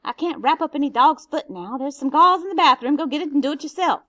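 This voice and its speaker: A woman's voice: high-pitched, lively intonation, quick pace, a bit bright, voice pushed up. A woman reading a novel aloud, giving a stern middle-aged housekeeper a raised, scolding voice.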